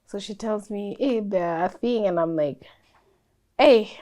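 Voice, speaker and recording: A young woman, a guest in an interview, telling a personal story in a lively way and acting out what people said. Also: medium pitch, measured pace. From Kenya. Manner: animated storyteller, acts out quoted dialogue.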